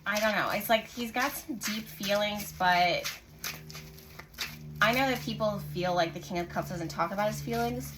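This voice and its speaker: A woman hosting her own channel, giving a casual tarot reading to camera in a soft, musing way, often pausing to say what she senses. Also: medium pitch, noisy background. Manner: musing, intuitive, lots of "like" and "I just heard". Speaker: tarot reader and channel host.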